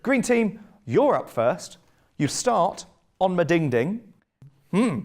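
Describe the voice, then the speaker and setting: A man's voice: high-pitched, sing-song, slow pace. A man hosting a comic game show, announcing in a mock-grand, theatrical way.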